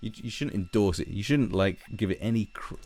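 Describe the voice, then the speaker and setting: A man's voice: on the low side, a little fast, darkish tone. A man giving a profane, mocking, rambling commentary as the host of his own vlog. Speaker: online commentator.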